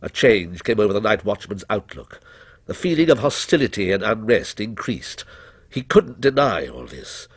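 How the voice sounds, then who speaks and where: Guy reading a spooky story, really lively pitch, husky voice, dry close sound. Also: no room sound. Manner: measured, expressive storytelling. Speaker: narrator. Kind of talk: scripted ghost story reading.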